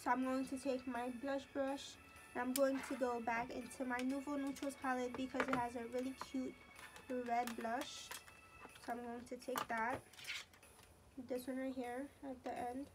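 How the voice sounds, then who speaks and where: A woman's voice: sits high, little pitch movement, normal speed, noisy background. A teenage girl talking through a makeup tutorial in a chatty, casual way, narrating each step as she goes. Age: teens. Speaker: beauty vlogger.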